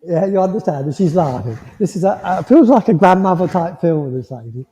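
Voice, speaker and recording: Gentle man, hall reverb. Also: sits high, animated, a little fast. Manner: gentle, reassuring, checks in with "yeah?" often. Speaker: medium. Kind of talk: mediumship demonstration to a congregation. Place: village hall. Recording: muffled hall sound with long reverb.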